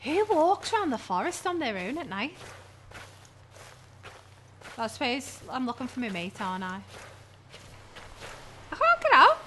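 A woman's voice: high voice, huge pitch swings, measured pace, long pauses, sharp tone, slight background noise. A woman gamer giving jumpy horror game commentary on a headset, swearing and yelping at scares.

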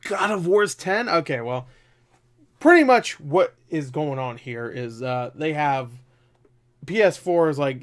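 A man, a gaming vlogger, in casual commentary, excitable, swearing and laughing as he talks. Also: medium pitch.

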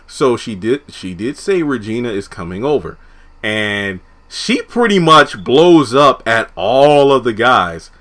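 A young man casually recapping a TV episode, animated, laughing often and acting out the characters' lines. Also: mid-range voice, unhurried. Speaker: TV episode reviewer.

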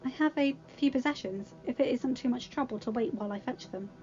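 A woman's voice: high voice, fairly quick, a little mellow, muffled recording, soft background music, natural voice. A woman reading aloud, voicing a kind, shy young woman who talks eagerly to her animal friends. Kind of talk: storybook reading.

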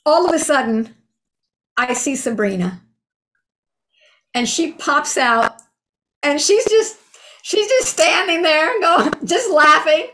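A woman's voice: high-pitched, expressive, slow, pauses often, fairly bright tone. Earnest woman in her sixties. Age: 60s. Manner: earnest, heartfelt recounting. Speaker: storyteller sharing a spiritual experience. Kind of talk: casual personal storytelling.

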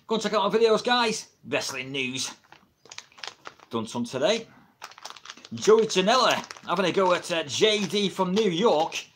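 A man's voice: sits high, expressive, a little slow, pauses often, a bit bright, slight background noise. A middle-aged man with an English accent, chatting casually on a livestream, rambling and laughing often, recorded on a built-in camera mic at home. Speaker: wrestling livestreamer. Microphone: built-in camera mic, no microphone.

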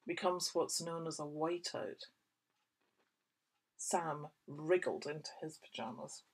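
A children's author reads her own picture book aloud to young children, adding expressive, whispery asides. She has a deep, husky voice and reads slowly.

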